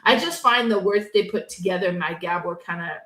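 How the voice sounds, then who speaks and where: A woman with a strong, loud voice chats casually as co-host of a board game podcast. Her voice rings out in a roomy, echoing space. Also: lowish voice, fairly quick. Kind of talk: casual chat about board games. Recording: roomy echo.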